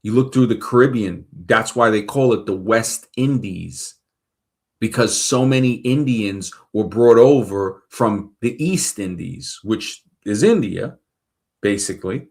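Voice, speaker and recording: A show host from Brooklyn, New York, delivers a casual monologue in a lowish, expressive voice with a darkish tone and unhurried pace. He rambles and thinks aloud, checking facts mid-sentence.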